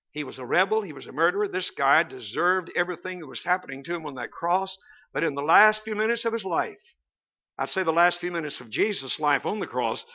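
A man's voice: fairly high pitch, pushed and bright. A man with a Southern accent preaching a sermon as pastor, folksy and joking, with chuckling asides. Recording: dull lo-fi sound.

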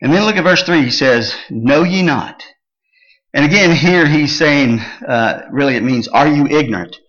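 A man preaching an evening sermon, reading old-style scripture and then restating it plainly. His voice sits a little high and has a bright, forceful edge. The recording sounds dull and lo-fi, and his talk is dotted with "uh" fillers. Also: moderate pace. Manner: explains scripture verse by verse, with frequent "uh" fillers. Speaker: pastor.

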